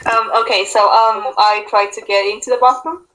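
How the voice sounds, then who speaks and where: A woman playing a tabletop game, chatty and quick to joke and laugh. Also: mid-range voice, steady tone, pushed and bright, low-quality recording. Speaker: player. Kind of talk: casual tabletop game chat.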